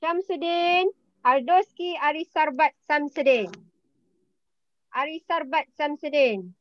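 Brief: high, unhurried Malaysian woman teaching over a dull, dry video call; patient, repeats herself. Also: no room sound. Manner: patient, repeats words and names often. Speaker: English teacher. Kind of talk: online class roll call and vocabulary quiz.

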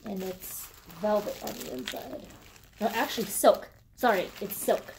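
A woman filming a casual unboxing vlog, gushing with excitement and swearing casually as she shows off what she got. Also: mid-range voice, a little hiss or hum. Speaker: vlogger.

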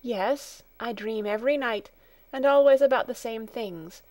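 A woman's voice: fairly high pitch, measured pace, a little mellow, dry recording, natural voice. A woman reading a storybook, voicing a timid, homesick little girl who is near tears and gives small, hesitant answers. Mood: homesick, tearful.

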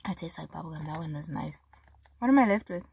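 A woman's voice: sits low, animated, fast, gravelly, a little mellow, breathy edge. Young South African woman, casual vlog to camera, frank and emphatic, lots of "like". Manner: frank, chatty, emphatic with many fillers. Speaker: vlogger.

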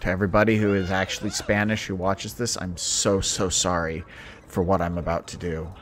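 Deep-voiced playful gaming host. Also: male voice, level tone, brisk, a bit bright, a little hiss or hum. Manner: playful and self-deprecating. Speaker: let's-play host. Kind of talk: casual gameplay commentary.

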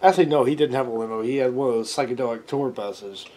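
A man's voice: medium pitch, fast talker, mellow. A man rambling through a made-up comic story, giggling and correcting himself as he goes. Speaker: amateur storyteller.

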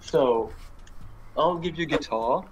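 Excited man on a video call. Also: a little high, slow pace, lo-fi sound, music in the background. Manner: excited, stammering with disbelief. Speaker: stranger on a video chat.

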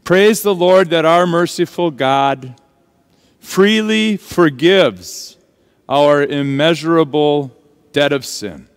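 Slow, high-voiced preaching pastor. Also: male voice, animated, smooth. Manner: earnest, dramatic preaching with slow emphatic stresses. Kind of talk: sermon. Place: church sanctuary. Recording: long church reverb.

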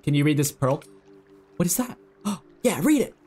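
Young man, gameplay commentary, excitable, cursing, fairly high voice, faint game music. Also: moderate pace, husky. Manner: excitable, swears, talks to himself. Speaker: gaming video creator.

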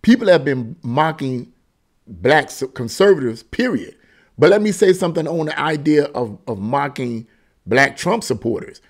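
A man's voice: fairly high pitch, animated, normal speed. Man giving casual, emphatic news commentary. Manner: conversational and emphatic, often repeats himself. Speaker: political commentary host.

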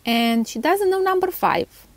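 A woman's voice: extremely high pitch, lively intonation, measured pace, no room sound. A woman with a Romanian accent, a toy channel host, chatting casually as she reads out viewer comments with little laughs and stumbles over names.

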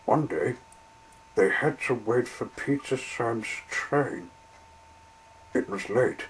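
A man reading a children's story aloud in a slow, deliberate way. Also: medium pitch, slight background noise, rough recording.

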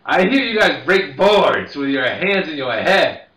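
A man putting on a loud jeering drunk saloon heckler. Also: fairly high pitch, big pitch swings, a little slow, echoey room, heavily acted, rough recording. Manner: jeering, shouting.

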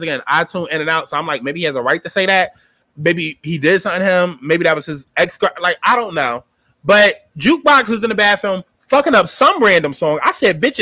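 A man giving a casual, profane recap and review of a TV episode, animated and sassy, acting out his own reactions. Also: high voice, fast talker, dry recording.

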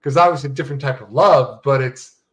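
A man's voice: mid-range voice, fast talker. A man hosting a podcast, chatting in a casual conversational way with rambling asides. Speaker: podcast host. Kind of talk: casual interview chat.

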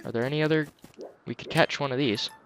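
A man's voice: mid-range voice, steady tone, fast. A young man giving casual, joking commentary as he plays a video game. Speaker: let's play commentator.

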